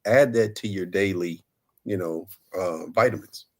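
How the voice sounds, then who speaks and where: A man with a lowish voice co-hosting a relationship talk show. He talks in a chatty, loose way, restarting phrases as he works through them. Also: measured pace. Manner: chatty, loose, repeats himself mid-sentence. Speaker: co-host.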